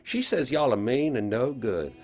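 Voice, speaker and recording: A man voicing a slow, confident country schoolgirl with a rural Southern accent, sly and teasing. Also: mid-range voice, sing-song, faint music behind, pitched above the performer's own voice, lightly acted. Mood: taunting. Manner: drawling, teasing, quietly menacing.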